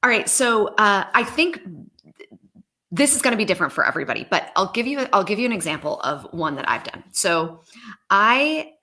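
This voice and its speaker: A woman's voice: medium pitch, very animated, moderate pace, bright, forceful tone. A woman, an experience designer, talking animatedly on a video call, with frequent laughs and many fillers. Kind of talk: casual video call conversation.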